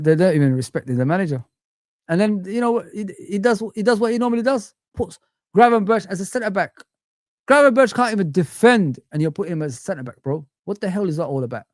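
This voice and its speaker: A man's voice: high voice, darkish tone, no echo. Young male streamer, exasperated swearing rant, dry close mic. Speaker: fan channel livestream host. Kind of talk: casual livestream rant.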